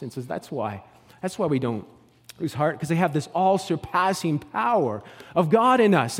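A man preaching with a somewhat high voice, rising to ringing declarations and then dropping to quiet, close talk. He stumbles and repeats words as he builds each point. The long echo of a church hall follows every line. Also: moderate pace, slightly rough. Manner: animated, swinging from loud declaring to soft, hushed talk; acts out the scenes he tells, with repeated words and restarts. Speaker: pastor. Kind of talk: sermon.

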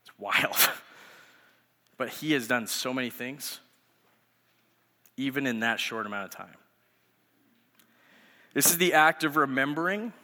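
A man's voice: medium pitch, unhurried, pauses often, bright, forceful tone. A man in his thirties, a youth pastor, giving a sermon through conversational storytelling. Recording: echoey hall reverb.

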